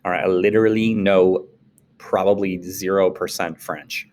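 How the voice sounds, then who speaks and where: A man, a social studies teacher, giving a casual classroom lecture, animated and playful, jumping into quick acted-out voices. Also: a little hiss or hum. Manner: animated, acts out quoted voices with big pitch jumps.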